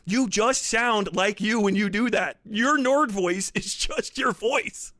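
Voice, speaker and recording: A man's voice: high-pitched, slow pace, pushed and bright. A man in his thirties on a stream, teasing and goading a younger guest with frequent laughter. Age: 30s. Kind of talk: mocking live-stream banter.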